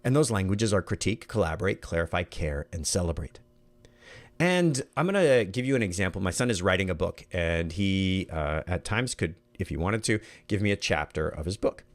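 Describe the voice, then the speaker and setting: A man's voice: deep voice, lively intonation, normal speed. A middle-aged man presenting an online workshop in an earnest, conversational way, often repeating words as he thinks.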